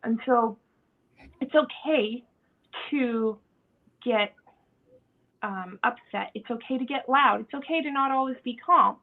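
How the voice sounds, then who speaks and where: A fairly high-voiced woman with a gravelly, creaky edge chats on a podcast, animated and expressive. Her voice comes through thin and tinny, like a phone line. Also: slow pace, pauses often. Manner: animated, acts out quoted voices. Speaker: podcast host. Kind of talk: casual podcast chat.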